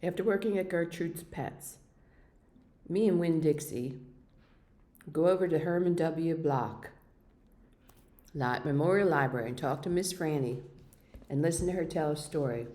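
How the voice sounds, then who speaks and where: A woman reads a children's novel aloud with steady, expressive storytelling. Her voice sits low and sounds mellow and warm. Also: measured pace, pauses often. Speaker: reader.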